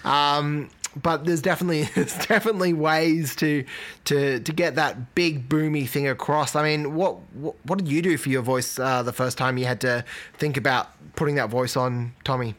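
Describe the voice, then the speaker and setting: A man's voice: a little high, steady tone, normal speed, a bit bright. A man co-hosting a casual podcast chat, laughing often and restarting his sentences. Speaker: co-host.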